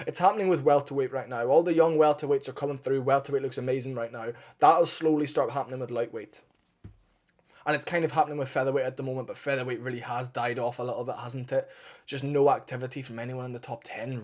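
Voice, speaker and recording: A man giving a casual, opinionated fight breakdown, blunt and partisan, swearing freely and getting fired up. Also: mid-range voice. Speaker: MMA fight analyst.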